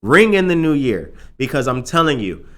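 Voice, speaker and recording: A man hosting a casual morning news podcast alone in the studio, upbeat and chatty, often calling listeners ladies and gentlemen. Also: medium pitch, sing-song, moderate pace. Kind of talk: casual live news chat.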